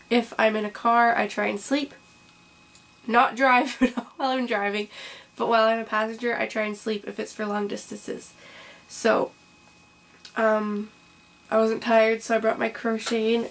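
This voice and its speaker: A young woman hosting a casual crochet vlog. She rambles with lots of ums and restarts, a little under the weather with hiccups. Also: fairly high pitch. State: has hiccups and a cough, taking it slow. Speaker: crochet podcast host.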